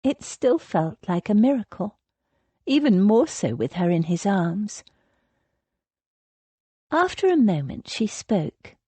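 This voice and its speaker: A woman narrates a historical romance audiobook, slow and measured, with a lively, rising and falling pitch. Her voice is dark and slightly husky. The recording is close and dry. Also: no echo. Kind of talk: scripted narration.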